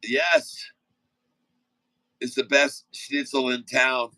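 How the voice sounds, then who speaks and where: Bright, rambling male livestream host. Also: medium pitch, moderate pace, no room sound, poor audio. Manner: rambling, folksy, easygoing, many fillers and asides. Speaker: day-trading livestream host. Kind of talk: casual live-stream chat and stock commentary.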